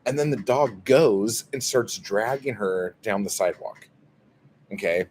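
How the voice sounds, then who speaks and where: Casual livestream host, man, lowish voice, profane and fed up, light background hiss. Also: unhurried, darkish tone. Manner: profane, exasperated storytelling. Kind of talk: casual livestream chat, reading viewer comments.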